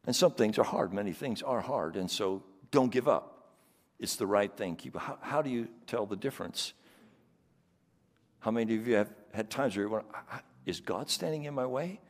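A man's voice: lowish voice, moderate pace, big-room sound. A male pastor preaching a sermon, building emphasis through repeated phrases.

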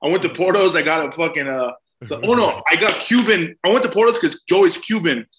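A man who is a comedian and podcast guest, telling excited, profane stories and laughing often. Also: high voice, a little fast, background noise. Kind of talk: casual chat.

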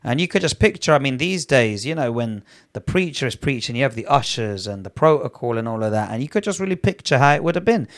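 A man's voice: mid-range voice, lively intonation, quick pace, hardly any pauses. A man teaching from the Bible on a live broadcast, reading scripture aloud and growing emphatic. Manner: reads scripture aloud, grows emphatic, prays in tongues. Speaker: preacher.

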